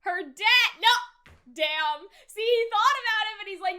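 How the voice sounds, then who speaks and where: A woman hosting an anime reaction channel, opening with a plain intro and then breaking into loud, gasping exclamations. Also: very high-pitched, expressive, a little slow. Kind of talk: excited anime reaction commentary.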